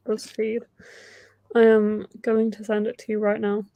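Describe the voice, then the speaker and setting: A woman hosting a casual reading stream, talking in a chatty, excitable way with frequent giggles. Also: medium pitch, a little slow, no room sound. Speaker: host of a reading sprint stream. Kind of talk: casual livestream chat.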